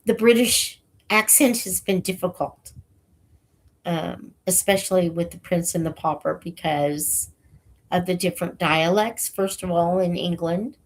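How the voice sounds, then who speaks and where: Slow-talking woman host with a cold. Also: fairly low pitch. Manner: slow, halting, with many fillers. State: has a cold, short of breath. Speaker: channel host reading books aloud for students. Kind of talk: casual chat to viewers.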